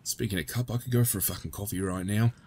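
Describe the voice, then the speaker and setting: A man's voice: on the low side, fairly even intonation, fast, dark tone, slight background noise. Chatty, swearing male gameplay commentator. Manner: chatty, swears freely, jokey asides.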